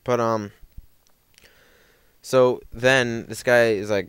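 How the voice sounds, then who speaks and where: A man's voice: mid-range voice, fairly even intonation, takes it slowly, a bit bright, smooth, no room sound. A young man telling a rambling story over gameplay, full of fillers and self-corrections. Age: young adult. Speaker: gaming commentator.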